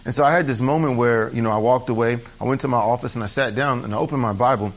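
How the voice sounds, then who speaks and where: A man's voice: mid-range voice, quick pace. Candid, chatty male pastor. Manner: chatty and candid, rambling asides with restarts. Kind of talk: conversational sermon. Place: church service.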